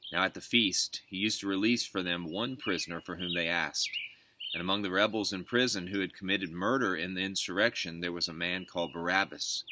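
Pastor, male, very low bright voice, steady scripture reading outdoors, faint birdsong behind. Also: slight background noise. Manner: steady reading, lifting voice for quoted speech. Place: back porch outdoors at home. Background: birds singing.

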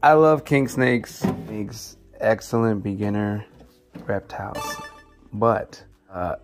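Male keeper, low easygoing voice, slow unhurried delivery, faint guitar underneath. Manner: laid-back, talks softly to his snakes. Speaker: snake keeper showing his collection. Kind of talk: casual vlog chat. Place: indoor snake room.

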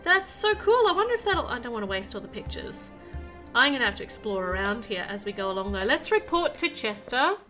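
A woman's voice: on the high side, sing-song, fairly quick, bright, forceful tone, soft background music. A woman hosting a game channel, chatting and explaining as she plays and reads lines aloud. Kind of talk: let's-play game commentary.

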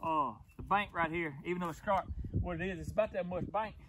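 High-voiced Southern man with a Mississippi drawl. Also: fairly quick. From southern United States. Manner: folksy and rambling, talks to viewers as y'all. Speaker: trapper vlogger. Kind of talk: casual outdoor vlog. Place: outdoors on a farm by a lake. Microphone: phone on a tripod. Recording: noisy outdoor phone recording.

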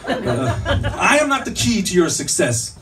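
A man on a comedy club stage plays a self-serious motivational speaker who keeps tripping over his own wordplay. His voice swings up and down and sits a little high. He is picked up from a distance, with faint room noise behind him. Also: big pitch swings, a little slow. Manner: mock-earnest, stumbling over his own puns. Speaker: stand-up comedian.

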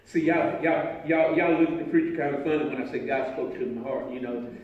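A man, preaching a sermon as pastor, telling a story and moving between quiet talk and shouting. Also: fairly high pitch, a little fast, narrow, tinny audio. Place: church sanctuary. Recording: echoey church room from far off, faint noise.

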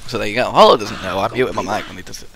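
A man's voice: fairly low pitch, rapid-fire, creaky, a bit bright. A man commentating a game in casual banter, teasing and laughing a lot, with a frog in his throat. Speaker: gaming commentator.

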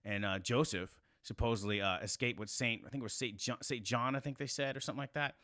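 A man in his thirties from South Carolina, a podcast guest telling a story in a casual, animated way, swearing freely. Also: fast, no echo, clean studio sound. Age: 30s. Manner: animated, swears a lot, rising to high exclaims.

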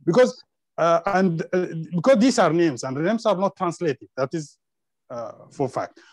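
A man's voice: a little high, expressive, moderate pace, darkish tone, dry recording, low-quality recording. A man whose first language is Arabic, hesitating often with fillers and restarts as he gives his view in an online group discussion. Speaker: discussion participant.

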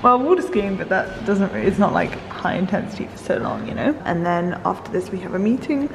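A woman's voice: medium pitch, big pitch swings, a little fast. A young woman, chatting enthusiastically in a casual vlog. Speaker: vlogger. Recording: echoey room with clear background noise.

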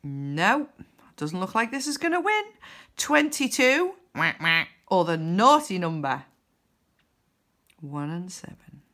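Woman vlogger, unhurried, crisp bright tone, chatty number-by-number commentary. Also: medium pitch, big pitch swings. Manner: chatty, counts numbers aloud, cheers and groans. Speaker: scratch card vlogger. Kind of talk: casual commentary while scratching cards.

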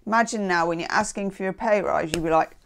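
A woman's voice: fairly low pitch, quick pace, vocal fry, slight background noise. A woman giving a casual, chatty tarot reading. She is encouraging and often checks in with "okay?". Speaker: tarot reader.

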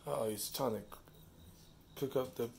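A man reading a devotional slowly, stopping and restarting often, then talking fondly to his cat at home. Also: medium pitch, creaky, slight background noise. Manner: slow, halting reading with restarts; fond, soft talk to his cat.

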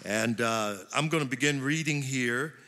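A man pastor preaching a sermon, building to emphatic slow stresses. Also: mid-range voice, background noise. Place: large church hall. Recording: long church hall reverb.

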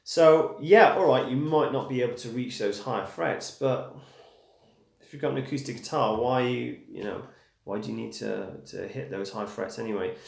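An Englishman with a mid-range, creaky voice teaches guitar on a live stream at a moderate pace, chatting casually with viewers. He's encouraging, checks in with "okay?", and calls people "dude" and "man". Guitar rings out in an echoey room.

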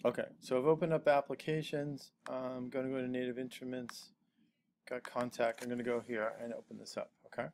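A man teaching a casual screencast software tutorial, rambling a little and checking in with "okay?". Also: mid-range voice, little pitch movement, brisk.

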